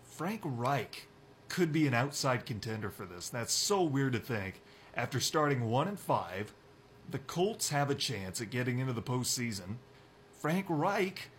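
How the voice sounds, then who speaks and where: A young man hosting a sports radio show, talking football in a brisk, opinionated way. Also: medium pitch, slight background noise. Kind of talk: casual sports talk.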